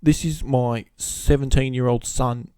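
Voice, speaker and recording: A man's voice: mid-range voice, fairly even intonation, a little slow, mellow, smooth, no room sound, pitched above the performer's own voice, natural voice. A man putting on the voice of an upset mother speaking out in a video, indignant and emphatic.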